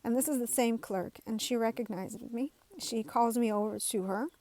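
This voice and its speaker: A woman's voice: on the high side, fairly even intonation, moderate pace, a little mellow. A woman talking casually to her viewers, rambling through a story with many fillers and restarts. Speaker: vlogger. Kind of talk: casual talk to camera.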